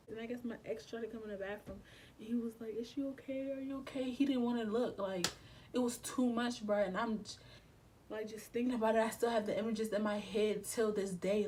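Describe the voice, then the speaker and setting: A woman's voice: a little high, fairly even intonation, fast talker, a little mellow, husky, low-quality recording. Young woman telling an emotional storytime. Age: young adult. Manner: emotional, swearing, slangy, acts out her past reactions. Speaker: vlogger. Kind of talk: storytime vlog.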